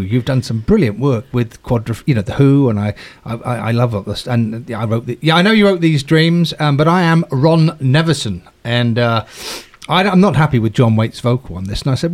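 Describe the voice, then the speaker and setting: A man's voice: mid-range voice, normal speed. Laughing man telling studio stories. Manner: animated, acts out quotes with raised voice, laughs often. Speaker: music producer telling a story. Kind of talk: casual storytelling conversation.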